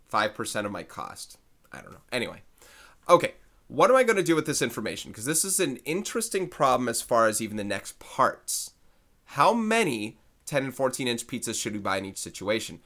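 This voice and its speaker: Bright-toned man talking through a math problem. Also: medium pitch, sing-song, moderate pace. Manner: thinks aloud, self-correcting, conversational. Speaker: math teacher. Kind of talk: recorded video lesson.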